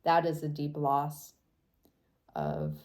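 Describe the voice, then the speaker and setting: A woman giving a casual tarot reading, talking in a soft, thoughtful way and often trailing off and restarting. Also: deep voice, sing-song, slow, noisy background. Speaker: tarot reader.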